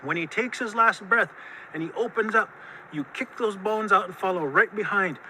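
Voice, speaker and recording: A man's voice: high-pitched, moderate pace, bright, forceful tone, a little hiss or hum, rough recording. A man doing a cocky trickster coyote. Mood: urgent. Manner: cocky, bossy, scolding. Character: bold, stubborn trickster male coyote.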